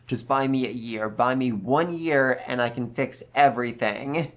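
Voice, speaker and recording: A man doing a calm scheming scholar. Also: medium pitch, unhurried, close to an everyday voice. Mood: urgent.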